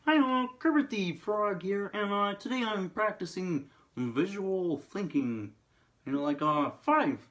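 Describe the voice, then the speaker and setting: A man's voice: high-pitched, expressive, measured pace, fairly bright tone, voice pushed up. A teenage boy voicing a mild, nervous male frog puppet who stammers and hesitates. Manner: hesitant, stammering with many uhs.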